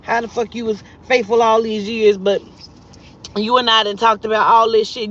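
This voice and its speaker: A woman vlogging casually to her viewers, blunt and profane, jumping between loud outbursts and low, muttered asides as she tells a story from a parked car. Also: little pitch movement, normal speed. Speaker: vlogger and spiritual reader. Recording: dull lo-fi sound with faint vehicle noise.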